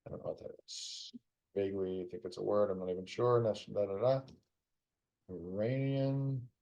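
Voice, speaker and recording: Tired gravelly-voiced man muttering over a puzzle. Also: low voice, steady tone, a little fast, mellow. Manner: muttering to himself, teasing the puzzle setter. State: tired, yawning. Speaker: puzzle streamer. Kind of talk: casual live-stream commentary while solving.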